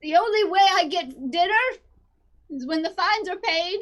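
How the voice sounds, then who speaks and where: A woman improvising a fussy older female law librarian who talks in a stiff, halting way on a comedy stage. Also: very high-pitched, lively intonation, rough recording. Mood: prim. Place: theater stage.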